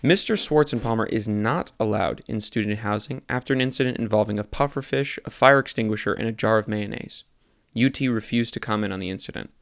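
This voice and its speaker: A young man reading his own satirical newspaper articles aloud in a deadpan voice, stopping to correct his slips and swearing at them. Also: fairly low pitch, a little fast, gravelly, dry recording, studio quality. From Texas. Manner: self-correcting reader who swears at his own mistakes.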